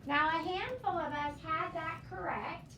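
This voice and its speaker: A woman's voice: extremely high pitch, measured pace, background noise. A woman teacher leading a math lesson in a classroom, upbeat and repeating her students' answers back to them.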